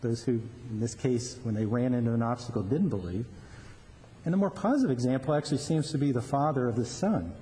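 A man's voice: mid-range voice, fairly quick, mellow. A male pastor preaching a sermon in an earnest way, often repeating words as he restarts a thought, in a large hall. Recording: long reverb with faint background noise.

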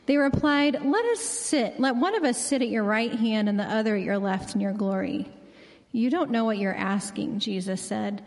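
Woman reading scripture in a reverberant hall. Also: a little high. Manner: measured, clear reading aloud. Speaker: scripture reader. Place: church sanctuary. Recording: long reverb of a large hall.

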